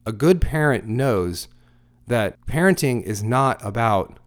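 A man's voice: mid-range voice, animated, slow. A middle-aged man and father giving blunt, crude life advice in a motivational monologue, full of emphatic rhetorical questions.

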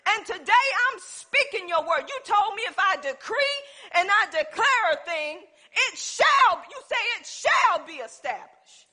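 A woman preaching a lively sermon, acting out little scenes and talking back to God with humor. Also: very high-pitched, unhurried, hardly any pauses. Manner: animated, playful, acts out little scenes.

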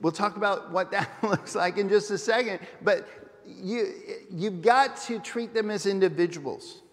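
Earnest pastor preaching in a reverberant hall. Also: male voice, high-pitched, measured pace. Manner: earnest, questioning the congregation. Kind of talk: sermon. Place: church sanctuary.

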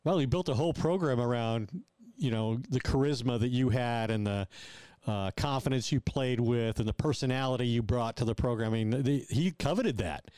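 A man hosting, asking a guest measured, conversational questions. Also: medium pitch, darkish tone, smooth, no room sound. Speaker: host. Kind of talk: interview questions.

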